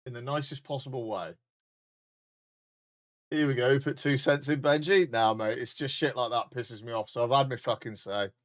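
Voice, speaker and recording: A man's voice: mid-range voice, fairly even intonation, moderate pace. A man in his forties with a British accent, ranting bluntly and heatedly in a sweary live stream chat. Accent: British English. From United Kingdom. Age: 40s.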